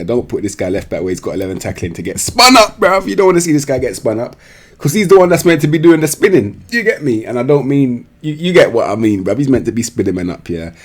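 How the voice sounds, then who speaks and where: A young man talks through a football management game in loose, slangy chat. His husky, fairly low voice swings widely in pitch as he jokes and mocks. The tone is sarcastic and casual. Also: darkish tone. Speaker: gaming streamer.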